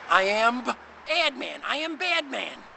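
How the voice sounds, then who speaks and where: A man voicing a brash, excitable first man in a storybook garden, talking loud and high. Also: unhurried, vocal fry, a little hiss or hum, full character voice. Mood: blustering.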